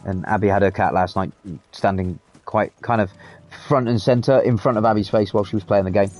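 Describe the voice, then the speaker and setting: A man's voice: fairly low pitch, steady tone, fairly quick, a little mellow, soft background music. A British man chatting casually and swearing freely as he streams a game. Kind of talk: casual live gameplay commentary.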